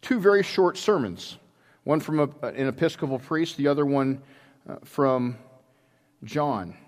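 A man preaching a sermon in a church, telling a story with many halting restarts. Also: medium pitch, lively intonation. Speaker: pastor. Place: church sanctuary. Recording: long hall reverb.

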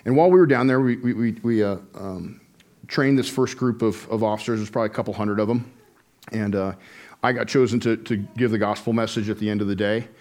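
A man's voice: on the low side, a little fast, a little mellow. A middle-aged man, a former Navy man, preaching a sermon and telling a story in a conversational way, with frequent fillers and restarts. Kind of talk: sermon testimony.

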